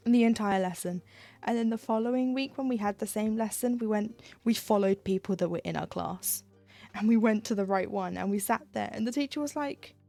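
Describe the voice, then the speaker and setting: Gravelly-voiced woman rambling. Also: a little high, mellow, dry recording. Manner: rambling storytelling with laughs and self-quoting. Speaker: livestreamer stitching cross-stitch. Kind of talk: casual chat while crafting.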